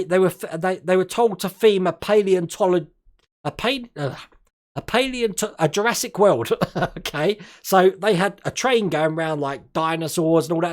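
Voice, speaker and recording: Chatty, laughing man hosting a live stream. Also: high voice. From Australia. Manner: chatty, laughs often, trips over words. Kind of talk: casual live stream chat.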